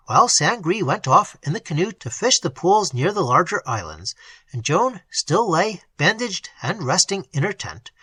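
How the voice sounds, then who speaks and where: An expressive narrator reading a classic tale, with a very lively, wide-ranging delivery. The tone is bright and a little breathy, and the recording is dry and close. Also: mid-range voice, no echo. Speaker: audiobook narrator. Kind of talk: scripted narration of a classic story.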